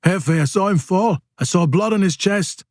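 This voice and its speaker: For an audiobook, a man voices a nervous young male gang member, speaking sharply and questioningly in a tense mood. The high-pitched delivery, at normal speed, is pitched above his own voice yet close to everyday speech, with studio-quality sound and no room tone.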